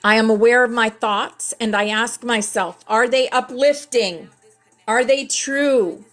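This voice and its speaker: Slow, hoarse high-voiced woman host. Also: faint music behind. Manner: slow, lively, says affirmations aloud. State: hoarse, scratchy throat. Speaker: spiritual class host. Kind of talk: casual livestream class, reading affirmation cards.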